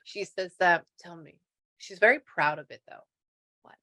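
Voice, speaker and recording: A woman's voice: lowish voice, normal speed, bright, forceful tone. A woman, a spiritual medium chatting through a reading and relaying messages with lots of quoted asides. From Texas. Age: 60s.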